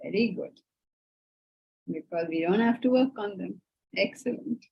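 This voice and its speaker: A woman teaching a Vedanta class in a lively, conversational way, often asking her students rhetorical questions. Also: mid-range voice, unhurried, gravelly, slightly rough. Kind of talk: online class lecture. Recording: muffled lo-fi audio.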